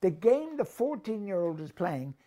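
A man's voice: high-pitched, very animated, normal speed, warm tone. An older man giving emphatic, opinionated rugby commentary in a casual discussion, full of rhetorical questions. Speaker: rugby pundit.

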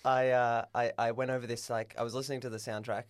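A man co-hosting a casual podcast, with a voice of middling pitch for a man. He tells stories in a rambling way, full of fillers and restarts. The sound is dry and close to the mic. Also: little pitch movement, fast, clean tone, no room sound. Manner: rambling, hesitant storytelling with many fillers. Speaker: podcast co-host.

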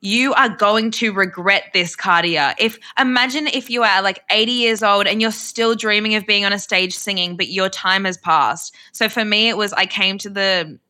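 Brief: young Australian woman, podcast guest, gushing and chatty, sharp bright tone. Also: mid-range voice, fairly even intonation, moderate pace, few pauses. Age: young adult. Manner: effusive, chatty, frequent laughs. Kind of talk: casual interview chat. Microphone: video call.

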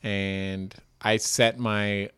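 A man's voice: lowish voice, level tone, very slow, fairly bright tone, clear, resonant tone, no echo, clean studio sound. A man, a comedian, chatting casually in a rambling, self-deprecating way, full of "like". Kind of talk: casual chat.

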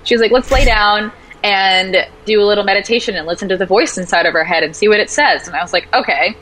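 Bright-voiced woman telling stories. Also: medium pitch, quick pace, rough recording. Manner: animated storyteller, acts out quotes. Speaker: podcast guest. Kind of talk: casual conversation.

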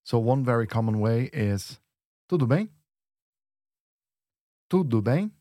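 A man teaching on a lesson podcast, modelling words slowly and patiently. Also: medium pitch, animated, warm tone, no room sound, studio quality. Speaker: language teacher.

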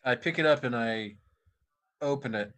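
A man's voice: medium pitch, moderate pace, fairly bright tone. Easygoing man at the game table. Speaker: player. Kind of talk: tabletop role-play.

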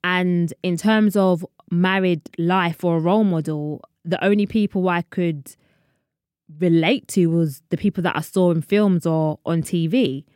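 A woman's voice: fairly low pitch, fairly even intonation, a little slow, a little mellow, dry recording, studio quality. A woman, hosting her own podcast in a chatty, rambling way and laughing at her own asides. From London, England. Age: 30s. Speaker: podcast host. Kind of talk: casual solo podcast chat.

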